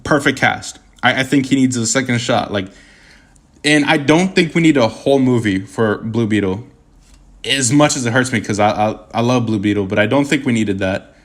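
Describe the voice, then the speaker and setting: A young man talks loosely to his stream chat in an average-pitched voice. He rambles and gets animated, stumbling over his words and restarting his sentences often. He peppers his talk with casual slang. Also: normal speed. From Puerto Rican heritage.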